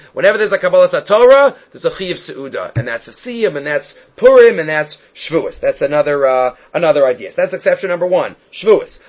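A man teaching a Talmud class as a rabbi, lecturing emphatically, his voice jumping up and dropping down to stress points. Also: a little high. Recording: dull lo-fi recording.

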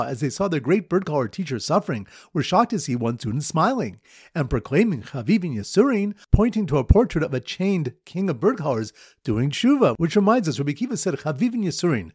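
A man teaching a daily Talmud lesson, telling repeated memory stories and running a quiz, in a lively storytelling manner. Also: a little high, slightly rough, dry recording, studio quality.

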